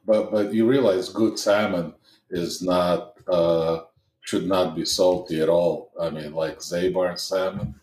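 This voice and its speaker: Deep-voiced New man in echoey room. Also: fairly even intonation, takes it slowly, darkish tone. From New Jersey. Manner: stammering repeats, laughs often. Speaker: podcast co-host. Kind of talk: casual chat.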